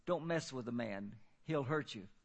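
Give me a man playing a plain-spoken mission worker with a low, matter-of-fact warning tone. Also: expressive, normal speed, gravelly.

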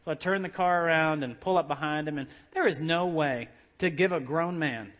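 Guy preaching, pretty high voice, jumps around a lot telling stories. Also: normal speed. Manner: animated storytelling with laughs and acted-out voices. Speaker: pastor. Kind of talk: sermon.

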